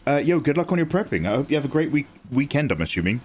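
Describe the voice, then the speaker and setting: A man's voice: medium pitch, big pitch swings, very fast, darkish tone, a little hiss or hum. A young man, chatting casually with viewers and explaining his drawing as he works on a livestream. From England. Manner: chatty, reads and answers chat, explains as he works. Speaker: livestream artist.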